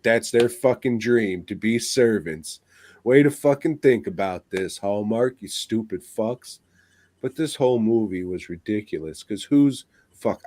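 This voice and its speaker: A man's voice: on the low side, darkish tone. A man co-hosting a podcast, ranting crudely and swearing constantly in casual chat. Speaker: podcast co-host.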